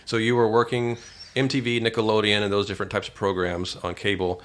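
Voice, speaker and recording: A man hosts a podcast and asks his questions in a low voice. He stops and restarts as he feels his way through each question. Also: little pitch movement, brisk, fairly bright tone. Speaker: podcast host. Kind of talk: interviewing.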